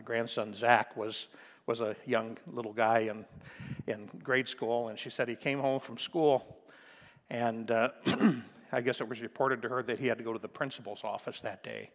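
An older American pastor from Nebraska, preaching a folksy sermon full of stories, often asking "okay?" and "amen?" and clearing his throat. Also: medium pitch, normal speed, a bit bright, long reverb tail. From Nebraska, USA. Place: church sanctuary.

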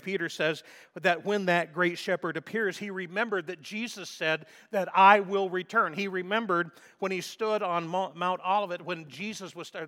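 A man's voice: fairly high pitch, bright, forceful tone. A man preaching a sermon in an earnest, emphatic way, sometimes stumbling and restarting as he builds his points.

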